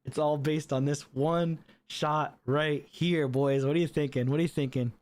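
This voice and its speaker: Excitable man streaming a game. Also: on the high side, moderate pace. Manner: excitable, chatty, laughs often, talks to chat. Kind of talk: live gameplay commentary.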